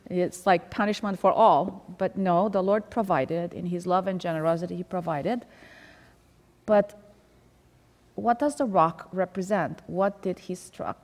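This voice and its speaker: A woman's voice: on the low side, unhurried, darkish tone, in a large hall. A woman leading a Sabbath School Bible study in a conversational way, reading scripture aloud and explaining it. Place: church.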